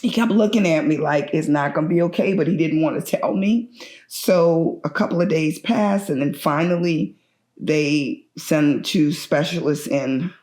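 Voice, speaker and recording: A middle-aged woman giving emotional personal testimony as a bereaved mother, earnest and halting, her voice breaking with grief. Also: sits low, darkish tone, echoey room.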